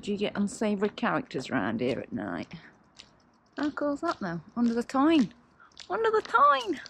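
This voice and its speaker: A woman's voice: mid-range voice, huge pitch swings, moderate pace, creaky. A woman chatting casually to camera on a bike ride, bubbly and exclamatory. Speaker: cycling vlogger. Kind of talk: casual vlog chat to camera while cycling. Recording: outdoor road noise, music underneath.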